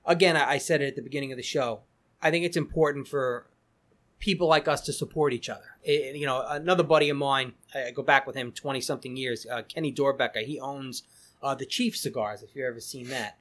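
A man's voice: mid-range voice, fairly even intonation, quick pace, fairly bright tone. A middle-aged man, a cigar company founder chatting as a podcast guest, rambling with many restarts and repeated words. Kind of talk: casual podcast interview.

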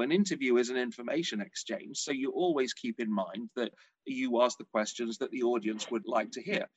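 A middle-aged man talks as a showbiz journalist guest, chatty and animated as he tells stories. His voice sits in a middle pitch. The recording is dry, with no room sound. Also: no room sound, low-quality recording. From England. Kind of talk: casual interview chat.

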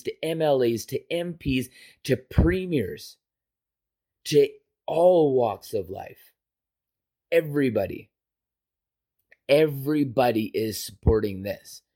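A man's voice: medium pitch, mellow. A man hosting a podcast, delivering an impassioned, emphatic political rant with profanity. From Canada. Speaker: podcast host. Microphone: podcast microphone.

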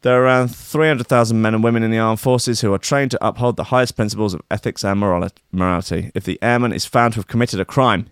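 A man with a lowish voice chats through the news in a casual commentary style. He reads items aloud and breaks off into irreverent, profane asides. The sound is dry and close to the mic. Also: fairly even intonation, fast, few pauses, smooth, no echo. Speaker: podcast host.

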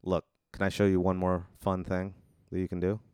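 A man's voice: low voice, monotone, moderate pace, darkish tone, clear, resonant tone, dry recording, studio quality, lightly acted. A man voicing a boozy male robot butler with a put-on British accent. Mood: coaxing.

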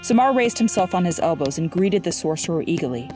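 A woman narrating a story in a steady, even-paced scripted reading. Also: fairly low pitch, fast talker. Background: faint music.

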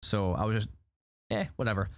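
A man hosting a casual chat, recapping a show in an animated, rambling way full of "like". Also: lowish voice, fairly quick. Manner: animated, rambling, heavy use of "like". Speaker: podcast host recapping a show.

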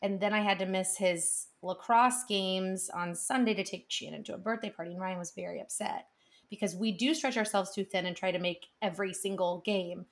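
A woman's voice: medium pitch, a little fast. A woman in her thirties or forties, co-hosting a podcast, telling stories in an earnest, rambling way. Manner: earnest, rambling storytelling with restarts. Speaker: podcast co-host. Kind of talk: casual chat.

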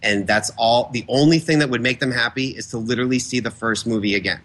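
A guest filmmaker talks quickly and casually, slipping into other people's voices as he tells his stories. His tone is bright and forceful. It is a relaxed conversation. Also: medium pitch. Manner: fast, animated storyteller who acts out quotes. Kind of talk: casual interview chat.

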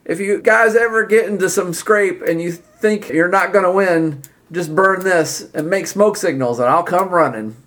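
Tabletop role-play: man doing an old chief, slow and lifted. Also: a bit bright. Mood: grateful. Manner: slow, drawn-out, raised-pitch speech. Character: grateful old male tribal chief.

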